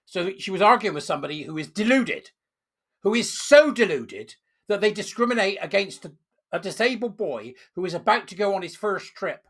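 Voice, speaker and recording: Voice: medium pitch, lively intonation, moderate pace, fairly bright tone, husky. A furious commentator, ranting emphatically while reading out and reacting to a news story. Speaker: online commentator. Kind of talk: angry opinion rant to camera.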